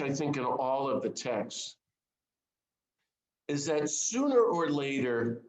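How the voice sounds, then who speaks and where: A man's voice: medium pitch, reverberant, low-quality recording. A man giving an informal sermon to a small group, earnest and conversational, putting direct questions to his listeners. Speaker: speaker of a Lenten series.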